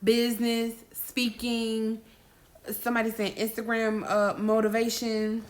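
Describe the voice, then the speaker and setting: A woman's voice: fairly high pitch, monotone, measured pace. A woman with a lilt preaches boldly in a casual, chatty way. She slips into playful little scenes between her points, full of conviction. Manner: bold, preachy, playful, acts out dialogues. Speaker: faith coach and speaker. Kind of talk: casual motivational talk.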